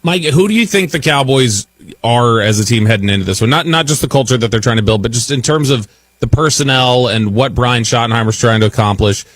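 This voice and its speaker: A man co-hosting a sports radio show, asking steady, direct questions. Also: medium pitch, fairly quick, dry recording. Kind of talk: casual radio interview.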